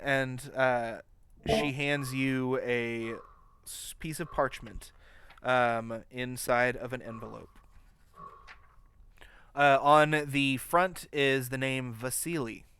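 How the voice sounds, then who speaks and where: A man's voice: medium pitch, steady tone, takes it slowly, a bit bright, clean tone. A man narrating a tabletop game as game master, hesitant and full of fillers.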